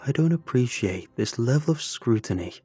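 A low, near-growling monster in a sharp suit, as a man puts him on for a horror story. Each word comes slow, cold and commanding, with a faint bed of music underneath. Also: lively intonation, slightly rough. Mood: menacing. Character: menacing male monster in a businessman's guise.

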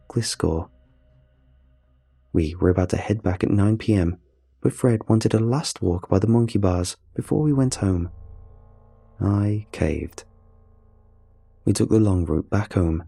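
A man with a gravelly, husky voice narrating a scripted first-person story. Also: on the low side, no echo. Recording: soft music under the voice.

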